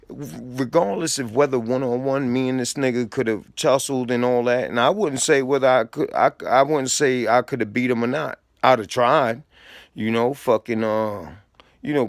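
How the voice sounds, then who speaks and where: In a gravelly mid-range voice, a storyteller recounts prison time casually, in a profane, streetwise way, acting out quoted back-and-forth exchanges. The recording is dry.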